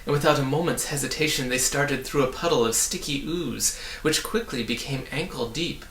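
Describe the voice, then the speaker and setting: A man reading a children's novel aloud with lively, expressive narration. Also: medium pitch, normal speed, a little hiss or hum. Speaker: reader. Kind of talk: storybook read-aloud. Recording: echoey room.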